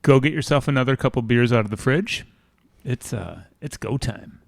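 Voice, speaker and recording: A man's voice: medium pitch, normal speed, creaky, dry recording. A man co-hosting a podcast, chatting casually, joking around and cueing the engineer. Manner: jokey, laughs often, cues the engineer. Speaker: podcast co-host. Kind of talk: casual chat reacting to theme songs.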